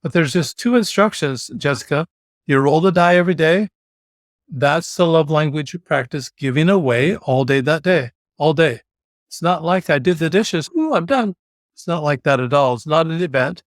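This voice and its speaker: A middle-aged man, a podcast guest, telling a personal story in an animated way and slipping into quoted voices. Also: a little high, moderate pace, dry recording, clean studio sound. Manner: animated, slips into mock voices and quoted lines.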